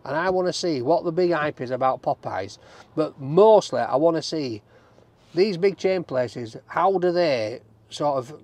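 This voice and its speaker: A man's voice: a little high, a little mellow, no room sound. A man with a Yorkshire accent from Barnsley, hosting a takeaway review vlog and chatting jokily with his cameraman while driving through town. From Barnsley, England. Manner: chatty, jokey, banter with cameraman. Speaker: food reviewer host.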